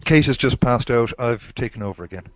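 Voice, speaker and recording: A man's voice: mid-range voice, a little fast. A man in casual podcast chat, short on sleep, bantering and teasing.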